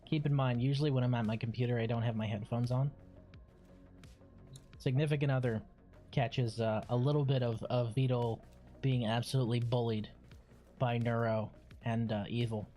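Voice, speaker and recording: A young man streaming a game gives casual gaming commentary, rambling, swearing now and then, and letting out loud squeals. His voice is medium-pitched with a steady tone at a normal speed, with faint music behind.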